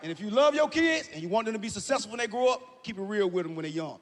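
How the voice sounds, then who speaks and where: A man doing a stand-up comedy set, telling stories loudly and shouting his punchlines. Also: high voice, quick pace. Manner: loud, animated storytelling with shouted punchlines and acted-out quotes. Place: stage in a large hall with a live audience. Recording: live hall reverb, faint room noise.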